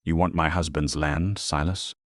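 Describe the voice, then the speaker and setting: Male narrator doing a steely frontier woman: cold, measured, dry close sound. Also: a bass voice, steady tone, a bit bright, no echo. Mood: defiant. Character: steely young frontier woman, calm and deadly.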